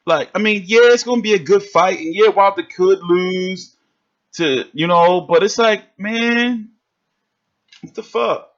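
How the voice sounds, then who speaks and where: A man's voice: sits high, unhurried, dull audio. A man hosting a livestream, ranting in a casual, profane, fired-up way. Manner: animated, swearing, fired-up. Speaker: livestream host reacting to boxing.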